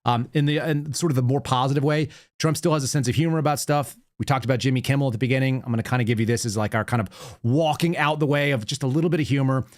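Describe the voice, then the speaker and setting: A man in his thirties hosting a political commentary show, sarcastic and animated as he tells stories and reacts to news clips. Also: medium pitch, fast, hardly any pauses. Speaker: podcast host.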